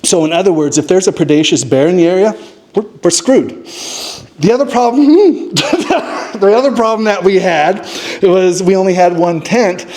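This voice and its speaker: High-voiced man telling a lively story. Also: moderate pace. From Montana. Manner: animated, acts out quotes with sudden high-pitched voices. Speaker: storyteller at a live talk show. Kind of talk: live comedic storytelling. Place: distillery stage before a live audience.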